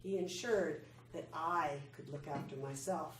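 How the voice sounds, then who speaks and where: A middle-aged woman giving a prepared personal speech, telling her story in a slow, measured way with pauses. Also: deep voice. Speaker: club speaker. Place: meeting room. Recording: echoey room, faint background noise.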